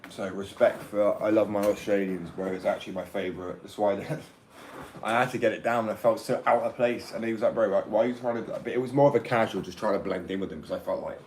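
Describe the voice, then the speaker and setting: A man's voice: on the low side, steady tone, brisk, a little hiss or hum, rough recording. A young man with an English accent, talking in a brash, rambling casual rant and swearing freely. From England.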